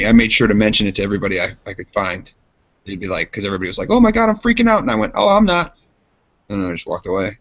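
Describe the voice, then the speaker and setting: A man co-hosting a casual podcast, telling a rambling story and jumping into high voices for quotes. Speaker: podcast co-host. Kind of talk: casual chat. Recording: dull lo-fi sound.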